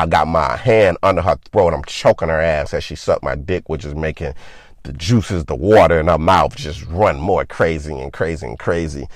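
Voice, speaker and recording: A man's voice: very deep voice, dry recording. A young man casually telling a personal story, loose and profane, leaning on filler words.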